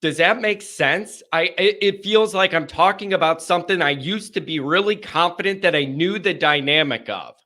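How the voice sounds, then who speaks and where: A man's voice: on the high side, moderate pace, few pauses, sharp tone. A man hosting a live call-in sports show, sounding stuffed up and congested, talking in a hesitant, searching way that trails off and starts over.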